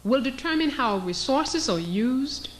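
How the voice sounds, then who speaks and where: A woman's voice: high-pitched, expressive, a little slow, a little hiss or hum. A woman, a historian giving an emphatic, sarcastic lecture and putting questions to her audience. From Haiti. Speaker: historian and teacher.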